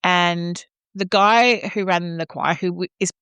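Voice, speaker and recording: A woman's voice: fairly low pitch, unhurried, a bit bright, clear, resonant tone, no room sound. A woman with an Australian accent, an opera singer co-hosting a podcast, chatting casually in a playful, teasing and slightly cheeky way.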